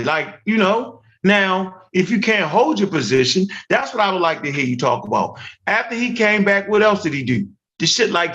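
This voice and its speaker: A man with a Baltimore accent, talking in lively, swinging bursts on a dull, lo-fi line. He keeps the chat going with lots of "right?" and swears freely. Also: on the high side. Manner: animated, profane, talks in bursts with tag questions. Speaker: podcast host. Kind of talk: casual heated chat.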